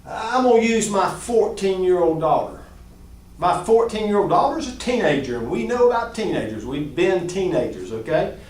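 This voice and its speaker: A middle-aged man teaching a job-skills class in an animated way, his voice swinging up and down. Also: high-pitched, normal speed. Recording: echoey room, distant mic.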